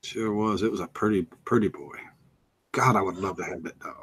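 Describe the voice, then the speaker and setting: A man's voice: low voice, fairly quick, a bit bright, slight background noise. A man from North Carolina with a Southern American accent, hosting a casual live stream chat in a folksy, drawling way. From North Carolina, USA. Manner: folksy, drawling, greets viewers.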